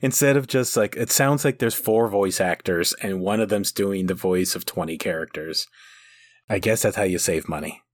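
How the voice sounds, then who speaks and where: A man's voice: sits low, moderate pace, dry recording. A man co-hosting a podcast in casual chat, a wry storyteller who keeps drifting off on tangents. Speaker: podcast co-host.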